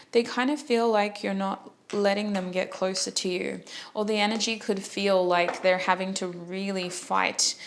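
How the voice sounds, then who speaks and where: Woman with a gravelly fry, reading tarot. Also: mid-range voice, fairly bright tone, a little hiss or hum. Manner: chatty, jokey, self-interrupting. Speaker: tarot reader.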